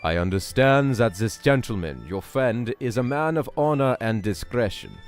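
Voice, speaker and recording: Deep proud masked nobleman, a guy doing it with a vague eastern european accent, slow and formal, faint music behind. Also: expressive, close to an everyday voice. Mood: grave. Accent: vaguely Eastern European, put on.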